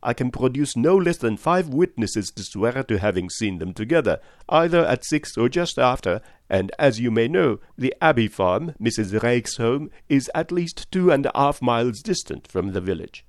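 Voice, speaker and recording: A man's voice: mid-range voice, very animated, moderate pace, few pauses, no room sound, clean studio sound. A man voicing a precise, theatrical older male detective with formal, stagey delivery, in an audiobook reading. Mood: commanding.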